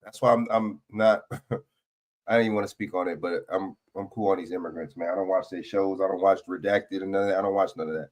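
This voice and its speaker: A man's voice: deep voice, steady tone, a little fast, a little mellow. A man hosting a livestream, giving blunt, profane, casual political commentary and often asking "you know what I'm saying". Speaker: livestream host. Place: home studio, livestream.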